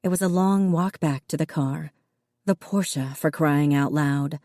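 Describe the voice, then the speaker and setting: A woman narrating an audiobook in a steady storytelling voice, switching into voices for the characters. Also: sits low, unhurried, no echo, studio quality.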